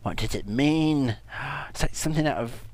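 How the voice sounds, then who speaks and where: A man hosting a comedic let's-play, excitable, silly and teasing as he talks over the game. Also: mid-range voice, normal speed, slight background noise. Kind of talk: comedic gaming commentary.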